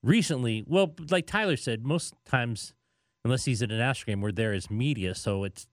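Male sports media host, mid-pitched, prone to emphatic rants, dry close sound. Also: expressive, moderate pace, no echo. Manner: emphatic ranting with repeated phrases. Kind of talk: casual sports chat.

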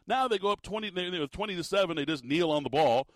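An exasperated man delivers a ranting sports commentary, piling up emphatic rhetorical questions. His voice sits a little high for a man. The recording is dry, with no room sound. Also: expressive, quick pace, no room sound.

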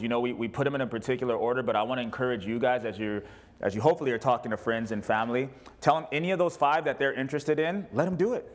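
A man pastor preaching casually to his congregation, animated and jokey, acting out little quoted lines. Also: medium pitch. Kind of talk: sermon with congregation questions.

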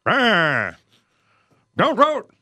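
A man's voice: high voice, huge pitch swings, extremely slow, pushed and bright, no echo, studio quality, pitched above the performer's own voice, exaggerated voice. A man putting on a grumpy old man's voice as a joke. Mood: mocking. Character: grumpy old man who wants fewer voters.

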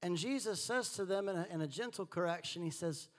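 A man preaching a sermon, swinging between quiet asides and animated, rising delivery. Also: a little fast. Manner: animated preaching, rising and falling in pitch and volume. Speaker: pastor.

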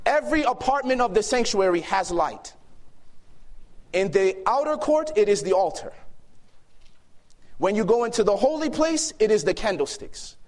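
Man, sermon, high-pitched, emphatic, loud and hushed by turns. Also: big pitch swings, moderate pace, pauses often. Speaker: preacher. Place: youth camp meeting hall.

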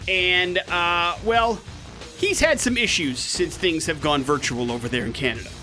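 A man hosts a radio show with a bright, slightly high voice. He tells stories in lively banter with joking asides. Faint music plays under him. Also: normal speed. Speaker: radio host. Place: radio studio.

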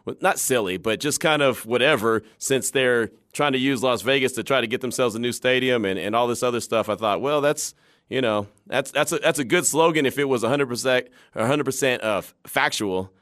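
A man hosting a sports talk radio show, chatting with animated energy and laughing easily. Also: mid-range voice, a little fast, dry recording, studio quality.

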